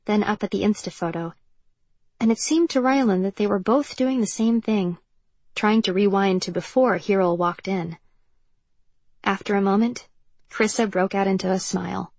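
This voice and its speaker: A woman narrating an audiobook novel in an even, measured storytelling manner. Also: mid-range voice, husky, dry recording. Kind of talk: scripted narration.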